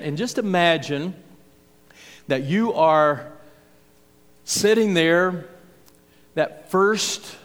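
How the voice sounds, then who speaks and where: Folksy preacher man in a reverberant hall. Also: on the high side. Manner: folksy, conversational, acts out the crowd's and Jesus' words. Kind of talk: expository sermon.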